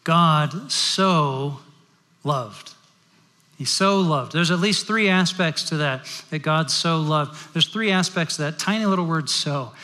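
A middle-aged man preaching a sermon as pastor, telling stories and moving between loud and hushed delivery. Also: a little high, slow pace. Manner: storytelling, shifting from loud to hushed. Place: large worship hall. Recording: long hall reverb.

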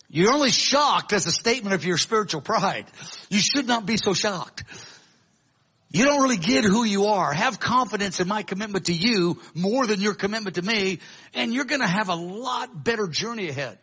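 A man's voice: high voice, fairly quick, fairly bright tone, slightly rough, low-quality recording. A man preaching a sermon in a conversational way, with restarts and acted-out quotes. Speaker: pastor. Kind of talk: sermon teaching.

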